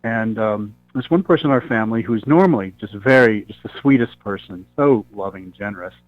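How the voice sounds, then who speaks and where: A man hosting a radio talk show, telling a personal story in a rambling, halting way with many fillers. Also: fairly low pitch, no echo, faint music behind. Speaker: radio host. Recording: tinny phone-line sound.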